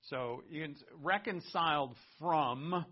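A man preaching a sermon in a lively, conversational way, with asides and laughter between points. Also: a little high, slow pace, highs cut off. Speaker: pastor.

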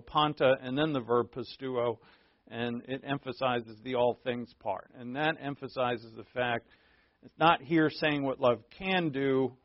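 A man teaching a Bible class in a conversational way, stressing points by repeating them and often pausing on fillers. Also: mid-range voice, no echo. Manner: conversational, repetitive emphasis, frequent fillers. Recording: dull, dry, lo-fi recording.

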